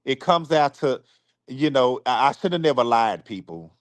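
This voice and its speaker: Man, live-stream apology, emotional, halting and repetitive, dry close sound. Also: mid-range voice, animated, no room sound. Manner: halting, repeats himself, restarts often.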